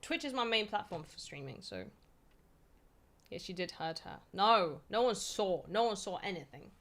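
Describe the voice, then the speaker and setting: A woman's voice: mid-range voice, very animated, normal speed, fairly bright tone. Chatty, swearing woman streamer from Poland. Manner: loose and chatty, swears, many fillers, laughs easily. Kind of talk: casual chat answering viewer questions.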